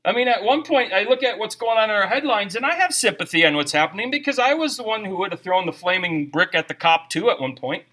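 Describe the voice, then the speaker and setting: A man's voice: high-pitched, lively intonation, fast, hardly any pauses, pushed and bright. A middle-aged man preaching a sermon, mixing jokes with scripture reading in a conversational way. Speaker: pastor.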